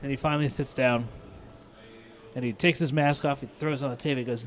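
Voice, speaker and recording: A man's voice: mid-range voice, fairly even intonation, a little fast. A man with a Midwestern American accent, a restaurant owner and chef, telling stories in casual chat, swearing freely and acting out both sides of arguments. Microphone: lapel mic.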